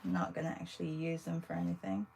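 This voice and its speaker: A woman's voice: lowish voice, completely flat delivery, fast talker, creaky, a little mellow, slight background noise, low-quality recording. A woman art teacher chatting casually with viewers while she draws, thinking aloud as she works. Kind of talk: casual livestream drawing demo.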